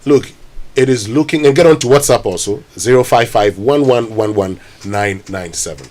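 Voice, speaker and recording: This morning radio host, a man with a Ghanaian accent, has a medium-pitched, slightly mellow voice at normal speed. His show mixes casual talk with a newspaper review, and he reads the headlines aloud in a conversational style.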